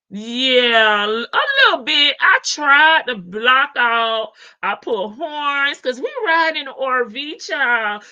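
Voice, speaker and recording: In dull, dry, lo-fi stream audio with no echo, a Southern woman hosts a livestream of casual, folksy gossip, laughing and calling viewers "baby" and "child." Her voice sits a little high, with a bright, forceful tone.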